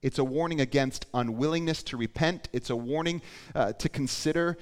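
A man preaching a sermon as pastor, moving between quiet emphasis and loud, urgent appeals. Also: mid-range voice, a little fast, clean tone. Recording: long hall reverb.

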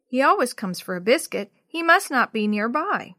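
A woman reading aloud as a concerned father calling for a lost dog. Her voice stays high and dry, with no low male register. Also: very animated, normal speed, dry recording. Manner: calls out loudly into the dark. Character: concerned father searching the street.

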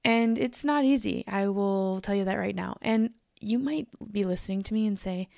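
A woman's voice: medium pitch, moderate pace, gravelly, dark tone, dry recording, studio quality. A young woman hosting her own podcast, talking candidly in a casual chat with a tired, scratchy voice. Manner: candid, chatty, emphatic. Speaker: podcast host. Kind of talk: casual solo podcast talk.

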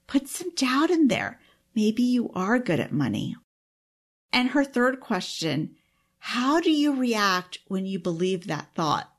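A woman's voice: on the high side, big pitch swings, slow. A woman working as a time management coach and speaking as a parent, giving an earnest, openly emotional self-help talk with frequent exclamations. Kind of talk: self-help teaching monologue.

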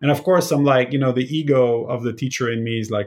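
A man's voice: mid-range voice, lively intonation, quick pace, hardly any pauses. A man who taught positive psychology, talking casually and animatedly with many fillers. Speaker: former positive psychology teacher. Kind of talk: casual conversation.

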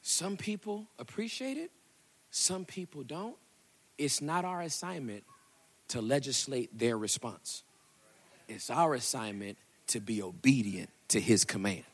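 A man preaching a sermon, telling a story with animated delivery and acting out quotes in a raised voice. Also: unhurried, breathy edge. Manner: animated, acts out quotes with big pitch jumps. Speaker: pastor.

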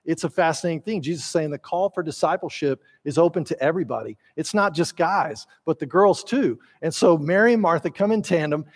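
A middle-aged man preaching a sermon, telling the story lively and acting out the voices of the people in it. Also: on the high side, a little fast, hardly any pauses. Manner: animated storyteller, acts out biblical voices. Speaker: pastor.

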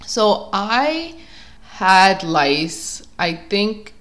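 A young woman vlogger telling a casual story, chatty and animated, filling her talk with "like" and acting out what people said. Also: mid-range voice, very slow. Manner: chatty, filler-heavy with constant "like"; animated, acts out quotes.

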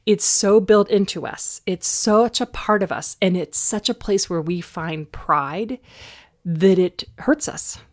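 A woman's voice: mid-range voice, slow. A middle-aged woman hosting a solo podcast, talking in an encouraging, coaching way. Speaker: podcast host.

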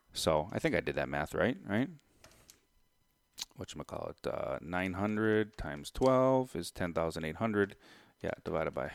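A man's voice: deep voice, clean tone, no echo. A man casually telling a story to camera, acting out both sides of a deal and working out sums aloud. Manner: animated retelling, acts out both sides of a deal; works out sums aloud, thinking out loud. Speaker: real estate investor.

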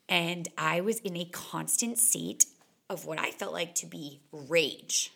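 A woman's voice: lowish voice, animated, slow pace, vocal fry, bright, forceful tone. A young woman, a fitness instructor, talking candidly in a chatty solo podcast monologue full of "like.". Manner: chatty and candid, heavy on "like" fillers.

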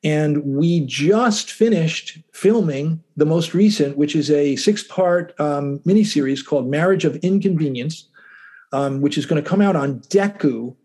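Calm mellow-voiced man. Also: fairly high pitch. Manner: calm, even-keeled, halting with restarts. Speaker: lawyer and writer, guest. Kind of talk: casual interview talk.

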